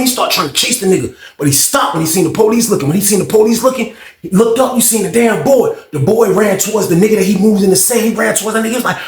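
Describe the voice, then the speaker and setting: Man, storyteller, slangy, profane, animated, gravelly, echoey room. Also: high voice, racing. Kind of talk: casual storytime vlog.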